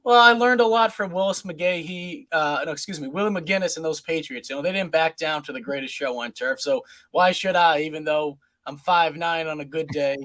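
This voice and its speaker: Sports radio co-host, male, from Boston, animated raconteur, slightly high voice. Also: a little fast, few pauses. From Boston area. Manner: animated storyteller, gets loud and laughs through stories. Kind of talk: casual sports radio banter.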